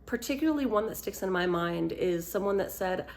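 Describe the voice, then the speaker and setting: A woman's voice: medium pitch, lively intonation, a little fast, a little mellow. A woman author telling a personal story, then walking through a product step by step in a casual, encouraging way. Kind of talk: casual explanatory talk to camera.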